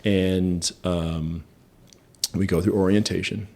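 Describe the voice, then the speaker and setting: Gravelly low-voiced man telling stories. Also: fairly even intonation, takes it slowly, warm tone. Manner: self-deprecating, chatty storyteller. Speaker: interview guest. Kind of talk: casual anecdotal storytelling.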